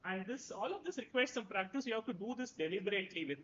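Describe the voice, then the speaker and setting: High, lively-voiced man lecturing in a roomy hall. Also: quick pace, lo-fi sound, a little hiss or hum. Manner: conversational, keeps asking "right?". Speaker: professor giving a talk. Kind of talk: lecture to students.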